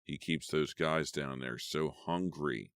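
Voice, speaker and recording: A man voicing a cruel, jovial middle-aged killer who taunts his captives in a low, menacing way. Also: slow, a bit bright, dry recording, clean studio sound, exaggerated voice.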